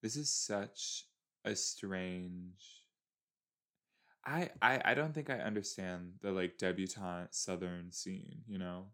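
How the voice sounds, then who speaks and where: A man's voice: deep voice, slow, fairly bright tone. A man in his early twenties chatting casually as he reacts to a TV episode, exasperated and talking back at the screen. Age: early 20s. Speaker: show reaction host.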